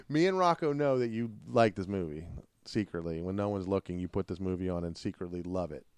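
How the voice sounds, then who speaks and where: A middle-aged man, a father hosting a family podcast, chatting casually, animated and joking. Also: low voice, a little fast. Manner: animated, joking, laughs often.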